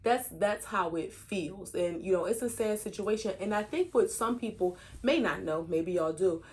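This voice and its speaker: A woman co-hosting a podcast, talking in a measured, reasoned way in casual chat. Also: mid-range voice, darkish tone. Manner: measured, reasoned, hedges with "I think" and "you know". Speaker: podcast co-host.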